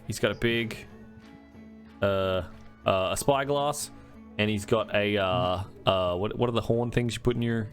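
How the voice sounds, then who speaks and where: A man's voice: lowish voice, measured pace, soft background music. A man narrating as game master of a tabletop game, rambling with many fillers and restarts.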